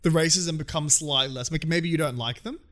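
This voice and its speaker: A man's voice: fairly high pitch, a little fast, a bit bright. A man from Australia in casual chat, telling stories in a rambling way with many asides.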